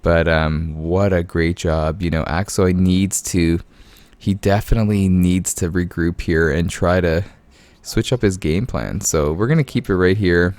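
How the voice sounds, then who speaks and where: A man's voice: low voice, measured pace, a little mellow, dry recording. A man hosting his gaming channel from home late at night, chuckling through casual commentary and keeping his voice down. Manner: easygoing, chuckling, peppers talk with "man"; keeps voice down so as not to wake the house. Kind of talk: casual game commentary and storytelling.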